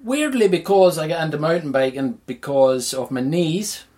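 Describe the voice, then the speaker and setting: A man's voice: fairly high pitch, animated, moderate pace, a little mellow. A man with a Northern Irish accent, a podcast guest with dry, wisecracking humor. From Northern Ireland. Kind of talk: casual chat.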